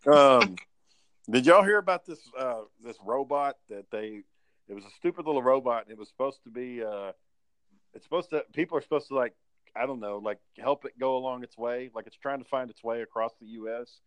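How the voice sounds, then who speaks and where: Man, casual podcast chat, profane storytelling, mid pitch, dry close sound. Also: a little fast, fairly bright tone, clear, resonant tone, no echo.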